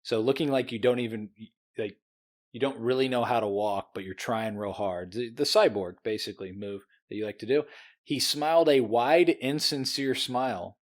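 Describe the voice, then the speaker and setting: A man's voice: medium pitch, normal speed. A man from the US co-hosting a podcast, teasing his friend and laughing, with frequent swearing. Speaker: podcast co-host. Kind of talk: casual chat.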